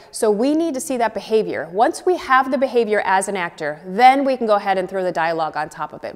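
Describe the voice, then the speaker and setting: Acting teacher woman in a reverberant hall. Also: mid-range voice. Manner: clear, encouraging, conversational. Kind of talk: explaining an exercise to a class.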